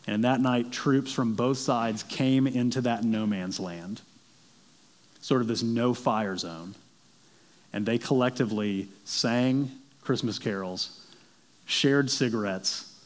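A man in his thirties preaching a sermon to a congregation, conversational and self-deprecating, telling stories as he goes. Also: medium pitch. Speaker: pastor.

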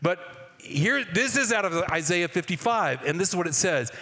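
Pastor, male, fairly high voice, chatty sermon delivery with questions to the room, long hall reverb. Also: lively intonation, normal speed, sharp tone. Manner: conversational, asks the congregation questions.

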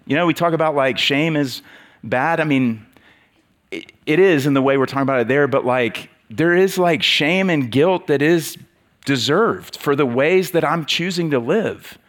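A man's voice: on the high side, normal speed. Preacher, male, casual sermon delivery, chatty, lots of fillers and restarts. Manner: conversational, with many fillers and restarts.

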